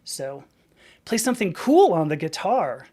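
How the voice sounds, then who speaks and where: A woman's voice: on the low side, big pitch swings, unhurried, dark tone. Rambling woman chatting on a livestream. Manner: rambling, laughs often, many restarts. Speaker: live streamer host. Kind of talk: casual live-stream chat.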